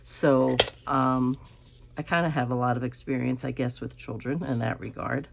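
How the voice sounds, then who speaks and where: A woman in her fifties with a low, warm voice, chatting in a folksy, meandering way as she works on a craft project. She slips into quiet asides about her materials and laughs softly now and then. Faint background noise sits under her voice. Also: fairly even intonation, normal speed, creaky. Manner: drops to a quiet aside while working on crafts. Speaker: craft channel host. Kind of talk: casual chat while crafting.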